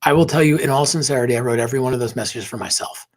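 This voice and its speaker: A man tells his story as a podcast guest, his voice husky and a touch breathy. He speaks earnestly and with emotion, sinking into a near-whisper at the most tender moments. His pitch sits in an ordinary middle range. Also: rapid-fire. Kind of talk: personal storytelling in an interview.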